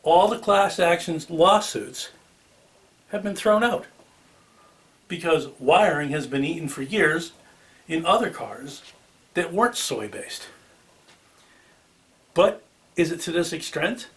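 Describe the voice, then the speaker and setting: A man's voice: fairly high pitch, lively intonation, slow, long pauses, far from the mic. A man with a Boston accent hosting a car channel, talking casually to the camera with ums and restarts. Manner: chatty, with filler ums and restarts.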